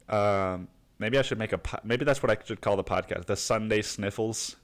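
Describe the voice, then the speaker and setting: A man's voice: fairly low pitch, measured pace. A young man with the sniffles hosting his podcast in a rambling, profane, slangy monologue. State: sniffly with a cold. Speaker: podcast host.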